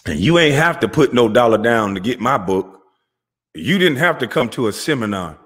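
A man's voice: medium pitch, very animated, moderate pace, fairly bright tone, breathy edge. A man hosting his own channel, delivering a heated, confrontational monologue in street slang. He mocks listeners and repeats himself as he calls them out. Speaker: channel host.

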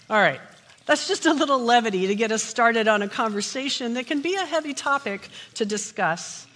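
Bright-voiced woman pastor preaching. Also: on the high side, moderate pace. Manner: opens with jokes, then steady teaching. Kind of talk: sermon. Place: church sanctuary. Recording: long church hall reverb.

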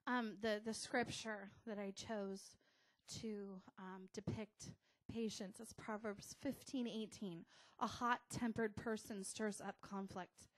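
Slow-speaking American woman pastor. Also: medium pitch, fairly even intonation. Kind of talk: casual sermon.

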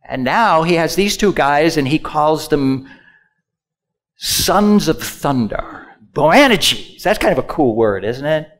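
A male pastor preaching a sermon, swinging from loud emphatic lines to hushed asides and having the congregation repeat words after him. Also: on the high side, lively intonation, slow pace.

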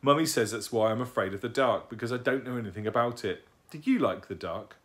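A man's voice: medium pitch, expressive, quick pace, fairly bright tone, pitched above the performer's own voice, lightly acted. A man reading aloud and voicing a timid, curious baby barn owl who asks wondering questions.

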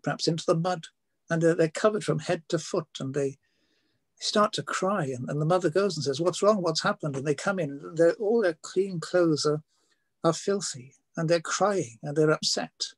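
A man's voice: a little high, normal speed, no room sound. An older man preaching a sermon, telling homely stories with frequent fillers and restarts. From Wales.

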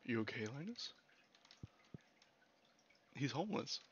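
A young man casually commenting while playing a video game, excitable and swearing freely, on a lo-fi mic. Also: medium pitch, takes it slowly, slight background noise. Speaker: gaming streamer. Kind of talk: casual let's-play commentary. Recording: lo-fi old mic.

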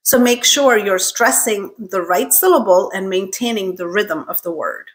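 A woman's voice: medium pitch, normal speed. A woman teaching English pronunciation, carefully modeling each word three times for learners to repeat. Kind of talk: pronunciation lesson with repeat-after-me drills.

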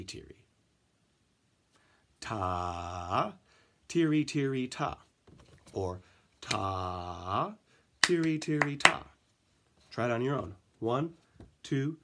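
A man with a medium-pitched voice leads a children's music lesson. He counts in and chants rhythm syllables, offering gentle encouragement.

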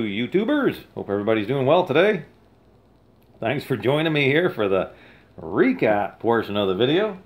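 A man vlogging about old bottles in a folksy, rambling way, chuckling and telling jokes. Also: medium pitch. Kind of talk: casual chat with jokes. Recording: slightly dull lo-fi sound.

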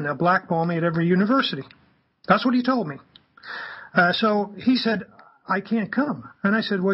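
A man, a radio guest, telling anecdotes in an animated way and acting out the quoted dialogue. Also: high-pitched, husky, lo-fi sound. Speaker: guest, campaigner. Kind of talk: anecdotal storytelling on a radio talk show.

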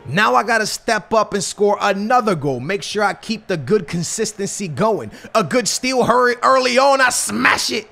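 A young man giving slangy, excitable commentary over a football video game, swinging between hype and grumbling. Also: sits high, moderate pace, vocal fry, few pauses, soft background music. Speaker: gaming YouTuber. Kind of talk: gameplay commentary.

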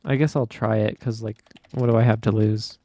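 A young adult gamer does laid-back let's play commentary on an obstacle course game, acting dramatically exasperated and often laughing at their own struggles. The mid-range voice is steady at normal speed, with vocal fry, a dark tone, and no echo.

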